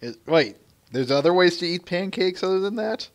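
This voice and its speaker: A man's voice: high-pitched, expressive, moderate pace. A man joining a casual podcast chat as co-host, laid-back and joking.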